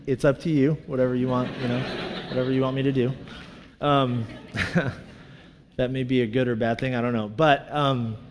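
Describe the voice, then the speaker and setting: A man's voice: mid-range voice, flat delivery, normal speed, pauses often, in a large hall, noisy background. A man preaching a sermon, earnest and conversational, telling a personal story with self-mocking humor. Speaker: pastor.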